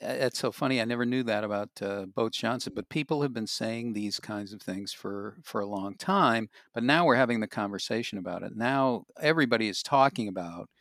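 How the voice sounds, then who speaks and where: A man hosting a casual conversation, speaking in a relaxed, reflective way. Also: lowish voice, a little fast, hardly any pauses, no room sound, clean studio sound. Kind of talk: casual chat.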